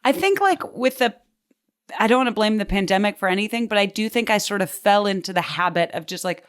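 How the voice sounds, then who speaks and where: A woman's voice: mid-range voice, animated, fairly quick, clear, resonant tone. A woman, a podcast guest, chatting with enthusiasm and self-aware asides. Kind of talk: casual chat.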